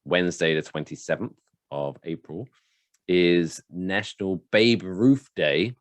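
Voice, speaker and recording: A man's voice: low voice, a little slow, dry recording. A man co-hosting a casual podcast, running a quiz and chatting playfully. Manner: lively, does playful put-on accents when reading quotes. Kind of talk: casual chat.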